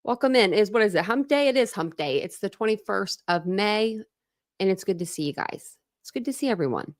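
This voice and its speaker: A woman's voice: mid-range voice, expressive, fairly quick, dry recording, clean studio sound. A woman hosting a casual true crime livestream, chatting and greeting her viewers by name. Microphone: webcam setup at a desk.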